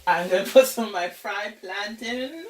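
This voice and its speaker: A woman's voice: mid-range voice, moderate pace, recorded from a distance. A woman hosting a casual home cooking vlog, chatting playfully as she talks through each step. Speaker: home cook, channel host. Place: home kitchen. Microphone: camera mic, back turned, away from it. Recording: echoey kitchen, voice off-mic, faint noise.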